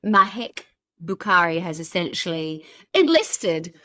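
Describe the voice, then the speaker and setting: A woman's voice: fairly low pitch, big pitch swings, measured pace, pushed and bright, no room sound, studio quality. A woman hosting a podcast, telling a true crime story in a chatty, casual way and laughing at her own slips.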